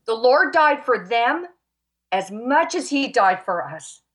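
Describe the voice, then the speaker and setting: A woman's voice: on the high side, expressive, slow pace, a bit bright. Woman guest, fervent faith testimony, emphatic and emotional. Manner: passionate, emphatic, near tears. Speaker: talk show guest.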